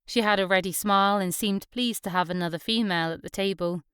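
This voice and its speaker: A woman's voice: medium pitch, fast, clean tone, no echo, studio quality. A woman narrating an audiobook. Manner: gentle storytelling, giving characters light voices. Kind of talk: scripted narration.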